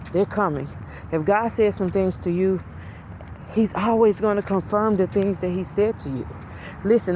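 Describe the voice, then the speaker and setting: A woman with a deep, low voice preaching an earnest message of encouragement to camera, repeating phrases for emphasis. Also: a little mellow, a little hiss or hum. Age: adult with school-age children. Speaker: self-styled prophetess posting online videos.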